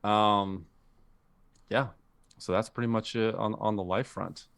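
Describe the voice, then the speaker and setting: Podcast guy, kinda low smooth voice, rambly chat, dry close sound. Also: fairly even intonation, unhurried, fairly bright tone, no room sound. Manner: rambling, many fillers and restarts. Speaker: podcast co-host. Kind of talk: casual chat.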